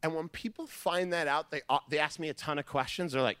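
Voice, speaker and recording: A man performing a stand-up comedy set, telling family stories in an animated way and acting out their voices. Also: on the high side, fast talker, clean tone, dry recording. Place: theater stage.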